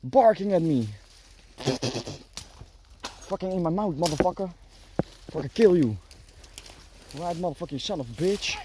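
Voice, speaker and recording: A man's voice: high-pitched, animated, a little slow, pauses often, warm tone. A man vlogging outdoors, swearing constantly and grunting as he forces his way through bushes. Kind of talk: rambling outdoor vlog. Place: outdoors in dense bushes and trees. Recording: noisy outdoor recording with rustling foliage. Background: rustling branches and a dog barking.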